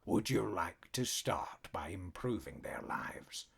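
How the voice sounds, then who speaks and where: A man's voice: lively intonation, gravelly, husky, exaggerated voice. Arcove, a man voicing a menacing giant cat. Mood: quietly menacing. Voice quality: deep, quiet near-whisper. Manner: slow, soft-spoken threats, growling. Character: huge menacing male black cat warlord.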